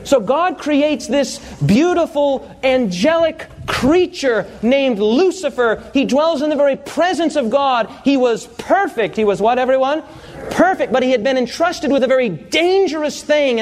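High-voiced male preacher telling stories. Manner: animated storytelling, asks the congregation questions. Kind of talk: sermon with personal stories.

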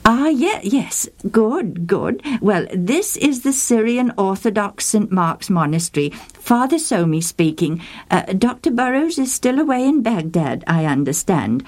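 A woman's voice: medium pitch, very animated, unhurried, a little mellow. A woman voicing a polite, flustered male monastery librarian on the phone, hesitant and full of fillers.

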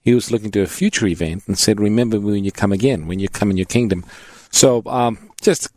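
A man co-hosting a Bible radio show, introducing callers and adding calm points. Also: fairly low pitch, no room sound. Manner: measured, announcing. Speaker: radio co-host.

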